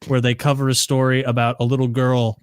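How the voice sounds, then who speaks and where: A man's voice: mid-range voice, level tone, fairly quick, smooth, no room sound. Guy on a podcast chatting, mid voice, dry close sound. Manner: chatty, laughs at his own retelling. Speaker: podcast co-host. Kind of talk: casual podcast chat.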